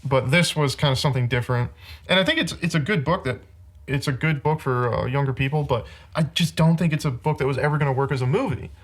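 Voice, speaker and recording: A man's voice: mid-range voice, fast talker. A man hosting a casual podcast, rambling through a rant about bad movies and laughing often.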